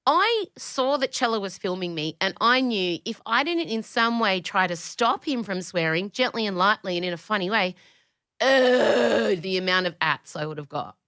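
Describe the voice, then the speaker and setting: Lively, bright-voiced Australian woman. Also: mid-range voice, moderate pace, dry recording, studio quality. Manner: animated, opinionated, swears freely, jumps between tangents. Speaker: podcast host; comedian. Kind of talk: casual podcast chat.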